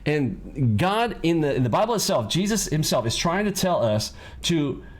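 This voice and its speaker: A man's voice: fairly high pitch, sing-song, moderate pace. A man coaching traders in a live lesson, blunt and preachy, lecturing his audience directly. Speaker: trading coach. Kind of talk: live trading lesson with pep talk.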